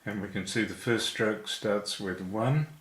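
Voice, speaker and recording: In an echoey room, a man patiently walks through writing Chinese characters stroke by stroke, counting each one aloud. His voice is on the low side and a bit bright, with a measured pace.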